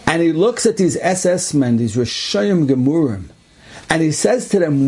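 A man with a husky, gravelly voice tells an inspirational story with earnest conviction. His tone is mellow and dark, and he often repeats phrases for weight. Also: on the high side, animated, normal speed. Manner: earnest, repetitive emphasis. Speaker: religious storyteller.

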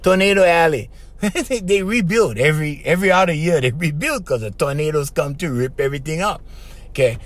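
A middle-aged podcast host and life coach chats through a client's story, checking in with "okay?" and "right?". His voice is fairly high-pitched, with lively intonation and a slightly fast pace.

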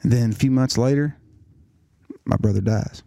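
A man's voice: medium pitch, normal speed, vocal fry, mellow, no echo. A middle-aged man giving an earnest personal testimony, often restarting his words. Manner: earnest storytelling with repeated restarts. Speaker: nurse practitioner telling his story.

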